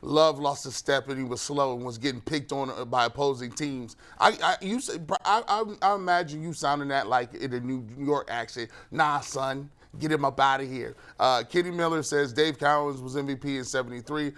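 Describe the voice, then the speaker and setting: A man co-hosting a casual sports talk show, reading viewer comments with animated, slangy banter. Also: medium pitch, fairly quick, hardly any pauses. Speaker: co-host reading the chat.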